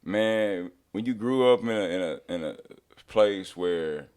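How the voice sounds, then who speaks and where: Lively low-voiced man. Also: a little slow, clean tone. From Houston, Texas. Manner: animated, laughing storyteller acting out voices. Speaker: guest. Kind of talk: casual storytelling.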